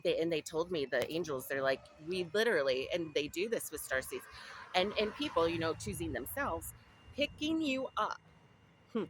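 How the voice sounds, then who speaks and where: A woman's voice: sits low, a bit bright, slight background noise, low-quality recording. A young woman from Southern California, talking in a rambling, casual way about her spiritual journey, with many restarts and asides. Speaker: vlogger. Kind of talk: casual spiritual diary talk.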